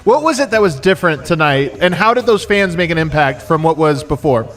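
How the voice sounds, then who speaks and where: A man hosting a casual live sports talk show, chatty and quick to laugh. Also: fairly high pitch, animated, a bit bright. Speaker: host.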